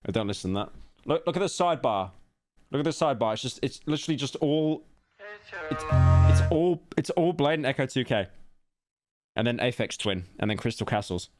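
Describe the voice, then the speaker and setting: A man's voice: mid-range voice, lively intonation, fast talker, soft background music. A man streaming casually, reacting to a video with blunt, crude, rambling remarks.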